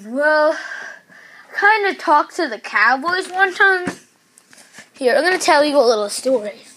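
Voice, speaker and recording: A woman telling a plush toy story in a rambling, excitable way, full of fillers and sudden shrieks. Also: measured pace, a little hiss or hum. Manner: excitable, breaks into shrill screams.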